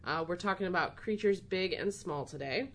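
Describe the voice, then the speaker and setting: A woman's voice: lowish voice, normal speed, fairly bright tone, a little hiss or hum. A young woman hosting a podcast in casual chat, teasing and laughing often. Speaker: podcast host.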